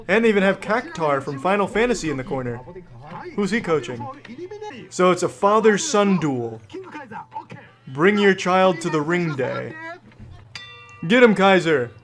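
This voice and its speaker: A man giving sarcastic, swearing mock sportscaster commentary over video clips. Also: fairly high pitch.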